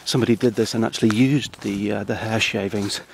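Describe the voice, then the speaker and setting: A man speaking outdoors on a countryside path in a hesitant, halting, dry deadpan ramble full of ums and restarts. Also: fairly low pitch, gravelly, background noise. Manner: dry, self-deprecating. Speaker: comedy vlogger.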